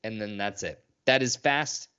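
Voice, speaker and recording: A man's voice: on the low side, a little slow, clean tone. A man co-hosting a podcast, recapping a film in casual, profane chat and acting out scenes. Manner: animated, profane, acts out lines from scenes. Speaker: podcast co-host. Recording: dull lo-fi podcast audio.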